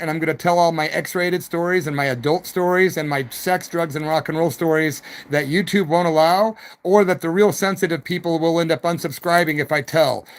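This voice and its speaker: Rambling rock musician, man, loose slang. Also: fairly high pitch. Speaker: rock musician hosting a live chat. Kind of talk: rambling live-stream chat. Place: at home, evening live stream.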